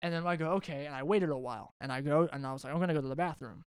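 A young man tells a long, animated story on a casual podcast, swearing freely and restarting his sentences as he goes. His voice sits a little high and comes across smooth and clear, recorded close and dry. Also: racing, no echo. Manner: rambling, animated, swears a lot, many restarts. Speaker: podcast host.

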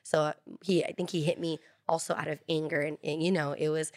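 A woman guest on a faith podcast tells her story in an earnest, candid way, leaning on casual fillers as she goes. Her voice sits a little low, and the recording is close and dry with no room sound. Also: little pitch movement, fast talker, a little mellow, no echo. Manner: earnest, candid, heavy use of "like".

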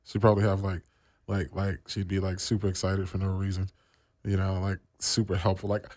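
Low-voiced radio host guy from the east coast, laid back and slangy, dry close sound. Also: brisk, no room sound. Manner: relaxed, slangy, with many fillers. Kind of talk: casual radio chat.

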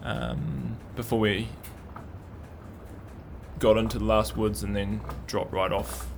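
Gravelly low-voiced Kiwi man. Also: fairly even intonation, slow pace, a little hiss or hum. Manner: thoughtful, hesitant, many fillers. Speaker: downhill racing pundit. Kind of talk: casual chat.

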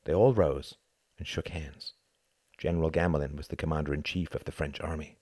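A man narrating a historical novel audiobook in a measured storytelling manner. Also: a bass voice, fairly even intonation, darkish tone, slightly rough, no room sound, studio quality.

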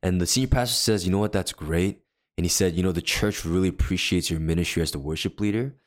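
Man, very low voice, earnest personal storytelling, casual podcast chat, acts out quotes. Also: quick pace. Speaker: podcast co-host.

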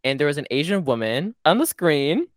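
A man hosting a podcast, chatting casually in an upbeat, quick way. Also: fairly high pitch, big pitch swings, dry recording, studio quality. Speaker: podcast host.

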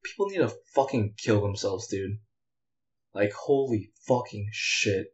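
A man's voice: on the low side, a little slow, lo-fi sound. A man hosting a solo podcast, venting bitterly and angrily, rambling with frequent sighs and swearing. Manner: rambling, with many fillers and profanity. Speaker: podcast host.

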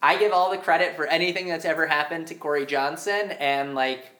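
A man's voice: a little high, sharp tone, reverberant. Ranting, exasperated male podcast co-host. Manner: ranting, exasperated, fast-talking. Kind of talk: casual podcast chat.

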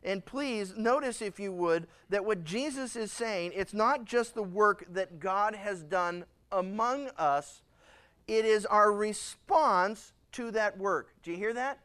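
A male pastor preaching a sermon, acting out scenes in lively, dramatic voices. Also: sits high, takes it slowly, clear, resonant tone. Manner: animated, acts out dialogue.

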